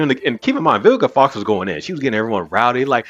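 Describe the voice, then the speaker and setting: A man hosting a podcast, telling a story in an animated, casual way and swearing freely. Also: mid-range voice, normal speed, long pauses. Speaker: podcast host. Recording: muffled with faint music.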